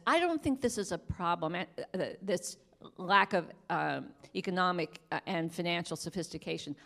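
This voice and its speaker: Journalist lady on a panel, kinda low voice, lots of ums and restarts, pleading. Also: a bit bright. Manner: halting, many fillers and restarts, earnest pleading. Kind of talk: panel discussion.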